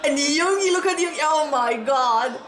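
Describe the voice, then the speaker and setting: A woman hosting a reaction video, gasping and exclaiming breathlessly with excitement. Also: high voice, normal speed. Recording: roomy echo with music playing behind. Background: the reacted music video's music.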